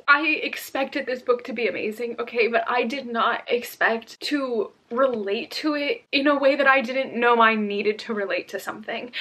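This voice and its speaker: A woman's voice: a little high, bright, forceful tone. A woman chatting casually on camera as a book reviewer, gushing and effusive, at times tearful and laughing. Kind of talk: casual vlog chat.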